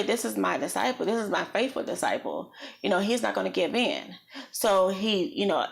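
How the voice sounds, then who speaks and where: A woman vlogger recounting a personal experience in an earnest, reflective way, slow and halting with many pauses. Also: mid-range voice. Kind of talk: personal storytelling.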